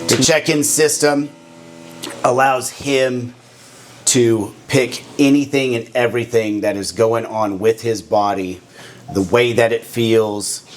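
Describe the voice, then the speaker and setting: A man's voice: mid-range voice, steady tone, slow, slight background noise. A man plainly explaining a check-in system step by step. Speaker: tour guide explaining a clinic's check-in system. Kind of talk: explanatory walkthrough.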